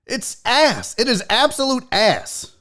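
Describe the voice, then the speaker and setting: A man's voice: extremely high pitch, big pitch swings, slow, sharp tone. A man in his forties hosting a show, delivering a heated, profane rant and mocking others in put-on voices. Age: 40s. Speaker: show host. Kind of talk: livestream rant.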